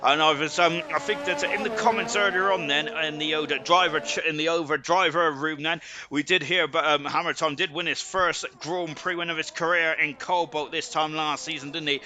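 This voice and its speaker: A man's voice: on the high side, fairly even intonation, moderate pace, hardly any pauses, pushed and bright, a little hiss or hum. A British man commentating a sim racing league live, rambling with lots of fillers and joking about himself. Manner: rambling, filler-heavy, self-deprecating banter. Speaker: esports race commentator.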